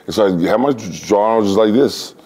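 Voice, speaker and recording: A man in his forties from the United States, an interview guest telling a casual, animated anecdote and acting out other people's lines. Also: on the low side, fairly quick. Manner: animated storyteller who acts out other people's lines in exaggerated voices. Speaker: interview guest, former fighter.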